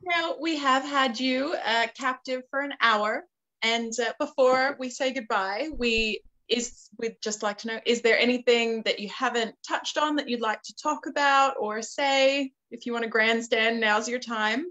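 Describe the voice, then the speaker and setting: A woman's voice: fairly high pitch, a little slow, pushed and bright, highs cut off. A woman hosting a podcast interview, asking questions in a chatty, amused way. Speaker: podcast host.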